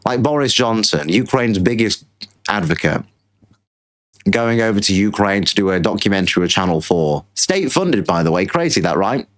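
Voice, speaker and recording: A man's voice: fairly low pitch, normal speed. A British man hosting a political show, ranting in casual commentary and repeating himself. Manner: ranting, repetitive, mocking put-on voices. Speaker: show host.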